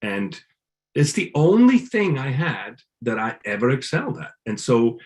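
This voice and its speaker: A man from Switzerland, a guest in a casual interview, talking in halting bursts with many restarts. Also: medium pitch, sing-song.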